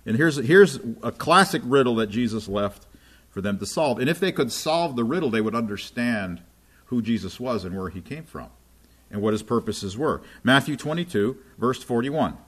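A man's voice: medium pitch, lively intonation, moderate pace, fairly bright tone. Male preacher, mid-range voice, chatty teaching delivery that checks in with listeners. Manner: checks in with listeners often, asking "right?" and "okay?". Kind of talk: conversational Bible teaching.

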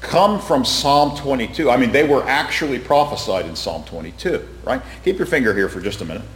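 A man's voice: medium pitch, animated, fairly quick, fairly bright tone. Man, Bible teacher, conversational lecture, asks the class questions, roomy reverb. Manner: conversational, quizzes the class, repeats words. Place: room with a class present. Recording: echoey hall reverb.

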